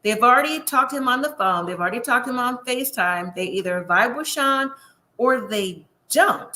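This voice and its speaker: A woman's voice: high-pitched, sharp tone. A woman from the US West Coast gives a chatty, sassy recap of a reality show and talks straight to her viewers. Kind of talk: casual recap commentary. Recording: echoey room.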